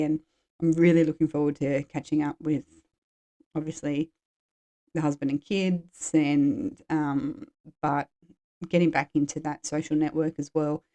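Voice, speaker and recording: Woman in her forties, podcast host, low warm voice, candid and loose, happy to swear. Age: 40s. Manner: frank, rambling, drops swear words. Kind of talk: candid personal chat.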